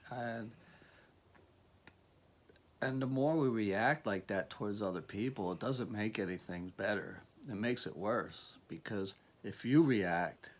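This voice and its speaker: A man giving a motivational talk as a life coach, earnest and rambling, with many restarts. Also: on the low side.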